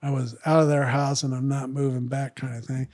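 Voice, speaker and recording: A man's voice: medium pitch, little pitch movement, brisk, a little mellow. A man telling a long story in casual podcast chat, acting out other people's lines in raised voices. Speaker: podcast guest, retired fighter.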